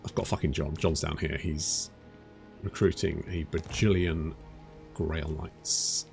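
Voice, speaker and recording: A man's voice: extremely low pitch, fairly even intonation, takes it slowly, vocal fry. A man in his thirties giving let's play commentary, chatty, swearing and muttering to himself. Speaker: gaming channel host. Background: game music.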